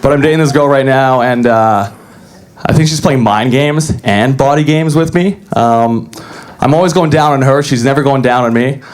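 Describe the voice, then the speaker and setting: Young man, stand-up comic, deadpan and self-deprecating, club stage mic. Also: medium pitch, normal speed. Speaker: stand-up comedian. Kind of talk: stand-up comedy set. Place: comedy club stage with live audience.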